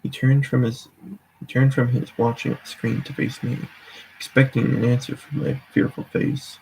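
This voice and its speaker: A man's voice: medium pitch, level tone, moderate pace, creaky, a little mellow, slight background noise, poor audio. A man casually reading a horror story aloud live, often stumbling and correcting himself. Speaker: reader.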